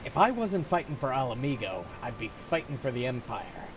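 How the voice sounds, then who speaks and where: A man's voice: mid-range voice, sing-song, fairly quick, background noise, close to an everyday voice. A man reading game dialogue aloud, voicing a hardened resistance soldier in a blunt, matter-of-fact way.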